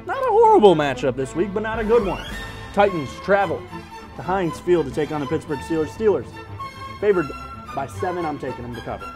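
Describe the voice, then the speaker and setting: A man's voice: a little high, big pitch swings, brisk, music in the background. A man hosting a casual sports podcast, joking and teasing as he runs through game picks. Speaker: podcast host.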